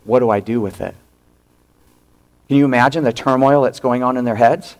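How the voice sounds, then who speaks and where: A male pastor preaching a sermon, retelling a story with animated acted-out quotes and hushed drops for emphasis. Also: medium pitch, normal speed, pauses often.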